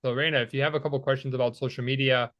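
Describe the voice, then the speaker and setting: A man's voice: medium pitch, steady tone, racing. Man on a muffled call line. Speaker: host. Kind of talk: casual chat on a group call. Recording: muffled, dull call audio.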